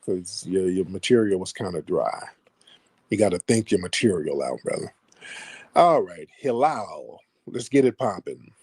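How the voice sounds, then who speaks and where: A man's voice: low voice, lively intonation, unhurried, a little mellow, slightly rough, dry recording. A man hosting a combative livestream call-in, taunting and mocking his callers. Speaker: livestream host.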